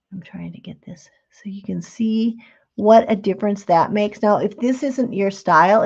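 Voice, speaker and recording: A woman's voice: fairly low pitch, darkish tone, dull audio. A middle-aged woman hosting a live craft demonstration, chatting in a homey, explanatory way. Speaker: craft show host.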